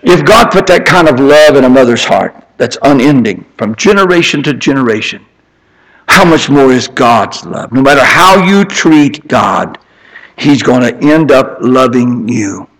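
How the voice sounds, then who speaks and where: An older man preaching an impassioned sermon, climbing to high emphatic peaks and then dropping into soft, tender storytelling. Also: animated, normal speed, poor audio.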